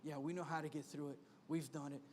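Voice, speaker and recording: High-voiced animated preaching pastor, man. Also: quick pace, slight background noise. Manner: animated, punchy preaching with repeated refrains. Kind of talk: sermon. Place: church sanctuary. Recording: long reverb of a church hall.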